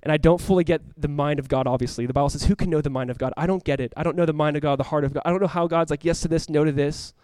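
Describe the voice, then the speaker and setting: A male pastor delivers a sermon at a rapid clip, his fairly high voice rising into urgent calls and dropping to near hushes. The recording is dry and close. He ends by leading the room in prayer. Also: fairly even intonation, clean tone, no room sound. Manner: impassioned, swings between loud urgent calls and hushed quiet passages. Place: church room with congregation.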